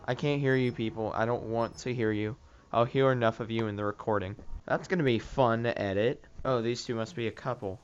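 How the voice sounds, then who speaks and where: A man's voice: mid-range voice, fairly quick, clean tone, lo-fi sound, faint music behind. Sarcastic man ranting over gameplay. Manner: swears freely and jokes at other players. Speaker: gaming YouTuber. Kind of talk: casual gameplay commentary.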